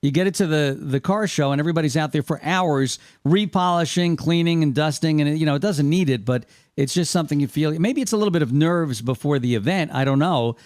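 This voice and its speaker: A man's voice: on the high side, a little fast, few pauses, darkish tone, no room sound, studio quality. An older man hosting a radio interview, asking long, chatty questions. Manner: talkative, leading long questions. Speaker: radio host.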